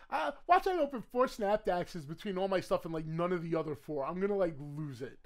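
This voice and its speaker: Give it a rambling man opening card packs, bursting into loud cheers. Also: high-pitched, lively intonation, a little fast, hardly any pauses. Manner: lots of fillers and restarts, laughs often. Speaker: card game collector opening booster packs. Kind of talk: casual pack-opening commentary.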